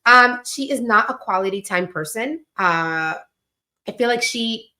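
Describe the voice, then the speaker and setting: A woman's voice: fairly high pitch, unhurried. A woman co-hosting a podcast, chatting casually about her children and often acting out their voices. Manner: chatty, animated when quoting her kids. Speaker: podcast co-host, mother. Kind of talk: casual chat.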